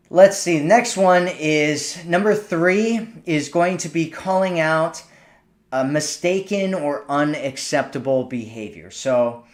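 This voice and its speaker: A man giving dating advice in a relaxed instructional talk, often checking in with "right?" as he explains. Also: a little high. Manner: casual, keeps checking in with "right?". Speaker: dating coach.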